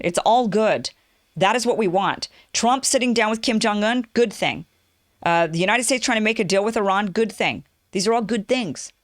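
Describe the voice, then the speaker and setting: A woman hosting her own political commentary show, talking in an animated, sarcastic way and mocking her opponents. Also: mid-range voice, no echo, studio quality. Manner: animated, sarcastic, mocks opponents in quoted voices.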